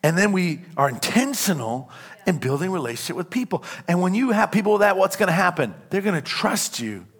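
High-voiced man preaching emphatically. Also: big pitch swings, brisk, husky. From California. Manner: emphatic call-and-response preaching, shouting on key points. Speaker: pastor. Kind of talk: sermon. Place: church sanctuary.

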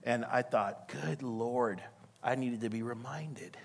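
A man preaching a sermon, telling a story with lively acted-out voices and calling out to the congregation. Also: medium pitch, slow, creaky, a little hiss or hum. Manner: animated storytelling, acts out voices, laughs, calls to congregation. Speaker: pastor.

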